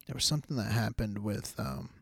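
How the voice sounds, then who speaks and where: A young man hosting a casual combat sports podcast, animated and incredulous, swearing freely. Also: lowish voice, a little fast, creaky, husky, dry recording, clean studio sound. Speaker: podcast host.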